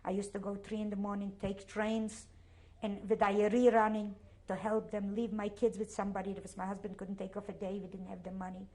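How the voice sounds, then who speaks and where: Older polish-accented lady, halting and emotional, repeats herself, middle pitch. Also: little pitch movement, a little mellow. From Poland. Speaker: interviewee. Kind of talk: oral history interview.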